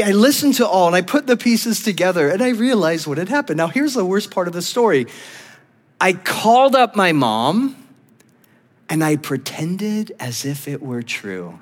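A man's voice: sits high, big-room sound. A male pastor preaching a sermon in a church, telling stories animatedly and laughing often.

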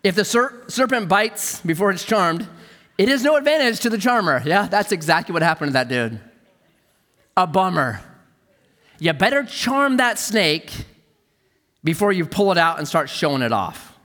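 A man preaching a sermon as a pastor, telling stories with animated energy and dropping to a hush for emphasis. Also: sits high, normal speed, in a large hall.

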